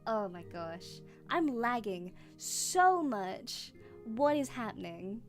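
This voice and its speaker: A young woman on a casual live stream with a high, sing-song voice that swoops up and down. She takes her time between words and gushes in a bubbly way. Faint music plays underneath. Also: very animated, takes it slowly. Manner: bubbly, squealing and gushing over fan art. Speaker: VTuber streamer.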